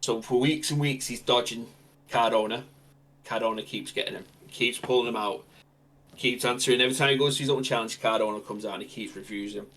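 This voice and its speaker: A male podcast host telling a made-up wrestling storyline, animated and improvising as he goes. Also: mid-range voice, fairly quick. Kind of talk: fantasy-booking storytelling.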